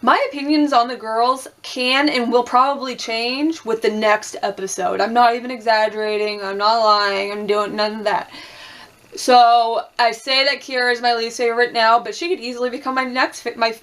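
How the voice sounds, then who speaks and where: A young woman with a slightly high voice talks through a reality show episode in a loose, chatty way. She swears freely, acts out lines from the show and laughs often as she goes. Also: steady tone, moderate pace, a bit bright. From Puerto Rican and Cuban heritage. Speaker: reality TV recap vlogger. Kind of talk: casual recap chat.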